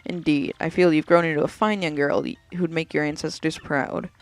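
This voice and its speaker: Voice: mid-range voice, steady tone, normal speed, faint music behind, close to an everyday voice. A let's player voicing a formal, devoted ghost butler in a video game, speaking in flowery words.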